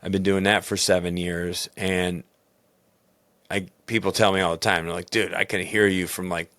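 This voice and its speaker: Deep-voiced man with a booming voice. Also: little pitch movement, moderate pace, no room sound. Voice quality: loud booming voice. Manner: candid, rambling, self-critical. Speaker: baseball coach and podcast host. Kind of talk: personal reflective podcast talk.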